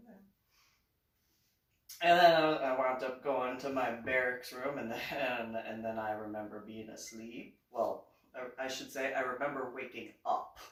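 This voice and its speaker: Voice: mid-range voice, a bit bright, recorded from a distance. A military veteran telling a personal story in a casual monologue, acting out the dialogue and laughing between lines. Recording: echoey room, voice set back from the mic.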